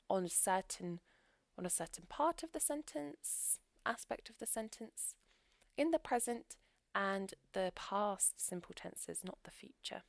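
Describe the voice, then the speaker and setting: A woman's voice, on the high side, teaches English grammar in a recorded lesson with no echo. She explains clearly and steadily, using example sentences.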